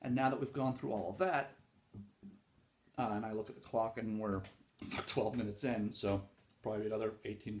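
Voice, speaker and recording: A man's voice: lowish voice, roomy sound. A man hosting a casual solo talk on writing craft, rambling and informal with frequent fillers and some swearing. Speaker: podcast host talking about writing.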